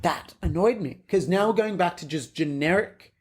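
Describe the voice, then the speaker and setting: A man's voice: sits high, moderate pace, a little mellow. A man co-hosting a podcast, giving opinionated film takes with many fillers and restarts. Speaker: podcast co-host. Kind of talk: casual film review chat.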